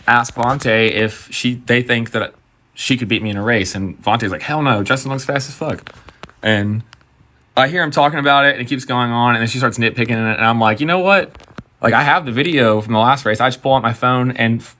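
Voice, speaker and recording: A man's voice: medium pitch, pushed and bright. Casual bartender man telling a story. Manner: conversational, swearing, acts out quotes.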